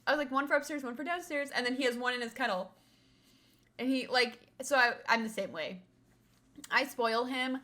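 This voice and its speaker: A woman's voice: a little high, pushed and bright. A young woman streamer chatting casually with her viewers, rambling and swearing now and then.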